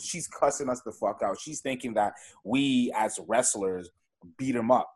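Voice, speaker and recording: Husky man talking bluntly. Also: mid-range voice, measured pace. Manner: emphatic, blunt, heavy swearing. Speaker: podcast guest, wrestler. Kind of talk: casual podcast chat.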